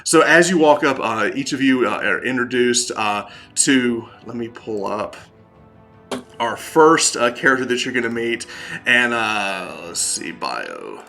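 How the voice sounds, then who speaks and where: A man's voice: medium pitch, expressive, unhurried, sharp tone, soft background music. A man with a Southern accent, narrating as game master with a rambling manner full of fillers and restarts.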